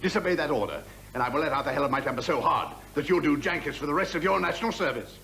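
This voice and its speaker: A scornful RAF officer barks at his men in a slightly raised voice that rises and falls with anger. The sound is an old 1970s TV film print with music loud behind it. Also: on the high side, animated, quick pace, slight background noise. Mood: furious. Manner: barking, scornful officer's tirade. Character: bitter contemptuous male RAF wing commander, middle-aged. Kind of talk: 1970s television drama acting.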